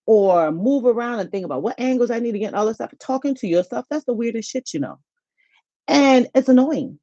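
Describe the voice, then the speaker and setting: A middle-aged woman, hosting a casual live-stream chat, animated and laughing often. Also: mid-range voice, no echo, muffled recording. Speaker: HR YouTube channel host. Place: home.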